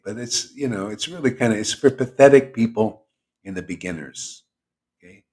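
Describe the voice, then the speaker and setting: Animated slangy man preaching. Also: medium pitch, normal speed. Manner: animated, slangy, teasing, laughs often. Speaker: spiritual teacher hosting a chanting session. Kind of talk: casual preaching talk on a livestream.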